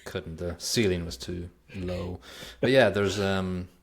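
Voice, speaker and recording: Podcast co-host, male, very low voice with a gravelly edge, dry rambling film recaps. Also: steady tone, slow pace. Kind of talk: casual film review chat.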